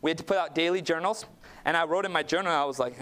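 A man's voice: fairly high pitch, fast, noisy background. A male preacher telling a personal story in a sermon, chatty and anecdotal, often checking in with "okay?". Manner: anecdotal, conversational, with frequent "okay?" asides.

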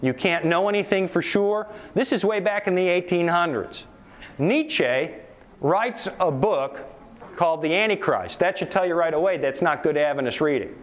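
Animated high-voiced male preacher. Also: slight background noise. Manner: animated, asks the audience rhetorical questions. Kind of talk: sermon lecture to a live audience.

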